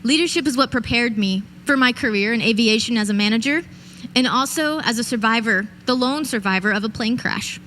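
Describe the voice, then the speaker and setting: High-voiced woman telling her story. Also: fairly quick, sharp tone, slight background noise. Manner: vivid storytelling, addresses audience directly. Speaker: keynote speaker. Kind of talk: motivational speech. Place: event stage.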